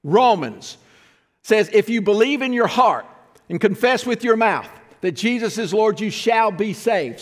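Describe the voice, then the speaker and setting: A man preaching a sermon from the pulpit, explaining and asking the congregation questions. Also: high voice. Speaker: pastor. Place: church sanctuary. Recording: long church reverb.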